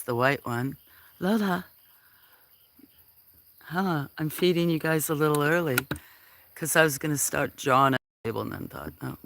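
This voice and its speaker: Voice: medium pitch, a bit bright, dry recording. A livestream host on a farm, chatting casually to viewers over a handheld phone while cooing at the cats and apologizing now and then. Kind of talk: casual live-stream chat. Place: farm, among the cats at feeding time.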